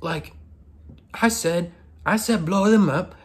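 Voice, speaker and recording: A man's voice: sits high, slow pace, husky, voice pushed up, heavily acted. A man voicing an impatient male leader in a mock French accent, barking orders. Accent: French (put on).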